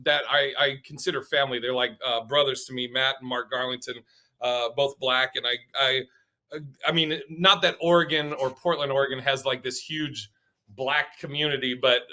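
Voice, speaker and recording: A comedian from the Pacific Northwest telling stage stories in a casual interview, animated and often laughing. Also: male voice, medium pitch. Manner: animated, laughing, acts out quotes. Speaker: stand-up comedian, guest.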